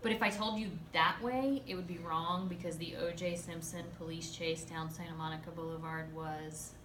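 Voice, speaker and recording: Woman, speech teacher, lively classroom lecture, lowish voice, heard from across a reverberant room. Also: moderate pace, slight background noise. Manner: lively, emphatic, playful asides to students. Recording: echoey classroom from far off, faint ambience.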